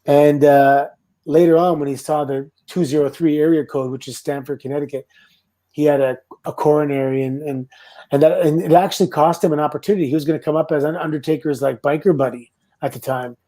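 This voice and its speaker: A middle-aged man from Canada, a former wrestler, telling stories in a relaxed, casual interview. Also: on the high side, brisk. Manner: relaxed anecdotal storytelling with laughs and quoted voices. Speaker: guest, former pro wrestler.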